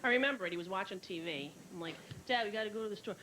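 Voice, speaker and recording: A woman's voice: medium pitch, very fast. A woman in her thirties doing a stand-up comedy routine before a live audience, brashly telling family stories and acting out her relatives. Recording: noisy VHS tape, loud audience laughter. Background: audience laughter.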